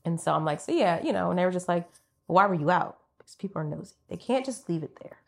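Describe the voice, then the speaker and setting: A woman chatting on a podcast with a fairly low voice that has gone rough from a week of coughing. She talks quickly, speaking up bluntly and then trailing off quietly in her stories. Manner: blunt, animated storyteller who trails off quietly. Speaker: podcast co-host. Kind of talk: casual chat.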